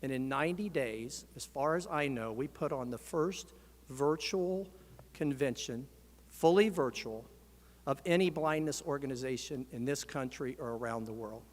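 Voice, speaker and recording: An American man, an organization's president, gives a convention speech in a large hall and rouses the crowd to shout and chant. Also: mid-range voice, normal speed.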